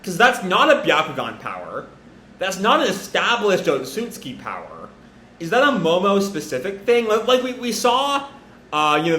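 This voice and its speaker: A man hosting a manga reaction reads a comic aloud live, giving casual, rambling commentary. His voice is fairly high, pushed and bright, with a little hiss or hum and a roomy echo in the recording.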